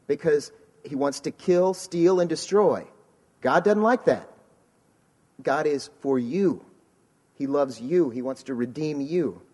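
A man's voice: slow, pauses often, darkish tone, husky, in a large hall. A man preaching in a conversational, earnest way, pressing his points with emphasis. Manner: earnest, emphatic, mocks a careless sinner in a high voice. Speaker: pastor.

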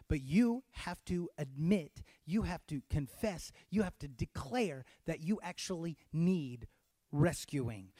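A man from Texas, with a voice that sits a little high, delivers a sermon in a dramatic style. He moves from hushed, intimate lines to loud, pleading cries. The sound is dry and close, with no room around it. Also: no room sound. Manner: dramatic, swings from hushed to shouting. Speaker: pastor.

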